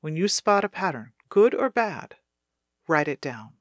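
A woman reading her own self-help audiobook aloud, calm and measured as she guides the listener through a writing exercise. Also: on the low side, no room sound, studio quality.

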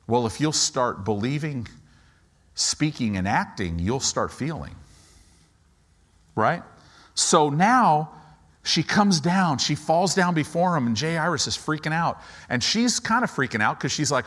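A man's voice: very animated, a little slow, a bit bright. A middle-aged man preaching a sermon, dramatically acting out Bible characters in different voices. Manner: dramatic, acts out Bible characters with swinging pitch. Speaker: pastor.

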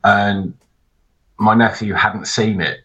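A man co-hosting a podcast, telling stories in a loose, animated, sweary way. His voice sits fairly low but has a bright, forceful edge. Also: slow pace, lo-fi sound. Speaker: podcast co-host. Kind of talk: casual chat.

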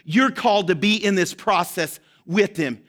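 High-voiced impassioned male preacher. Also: animated, normal speed. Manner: impassioned, rises to shouting at peaks. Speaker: pastor. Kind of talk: sermon.

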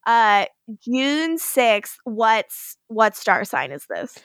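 A woman co-hosting a recap podcast in casual chat, animated and profane, laughing often. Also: on the high side, very slow, clean tone, no echo, studio quality. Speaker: podcast co-host recapping an episode.

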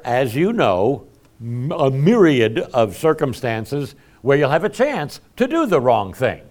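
A middle-aged man preaching a conversational sermon in a folksy, self-deprecating way, chuckling often. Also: mid-range voice. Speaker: pastor.

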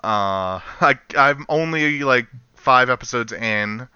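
Animated man chatting on a podcast. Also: mid-range voice, takes it slowly, clear, resonant tone, no echo, dull audio. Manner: rambling, animated, laughs often. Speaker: podcast co-host. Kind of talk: casual chat.

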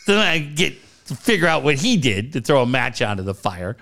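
A middle-aged man in a casual chat, telling stories with lots of swearing and loud quoted voices. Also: mid-range voice, sing-song, brisk, gravelly. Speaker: storyteller in a chat.

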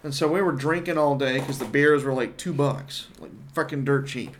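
A man's voice: medium pitch, moderate pace, slight background noise. A man guesting on a comedy podcast, telling rambling, profane stories in a loose casual way. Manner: rambling, profane, animated storytelling.

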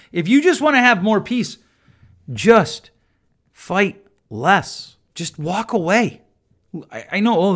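Hosting his podcast by himself, a man with a somewhat higher, slightly bright voice chats conversationally and often trips over repeated words before carrying on. His humor is dry and self-mocking.

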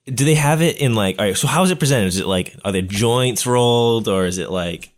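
A man's voice: mid-range voice, animated, a little fast. A young man playing his gnome character in a tabletop game, talking in a playful, giggly way. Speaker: player voicing a gnome character. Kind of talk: tabletop role-play, in character.

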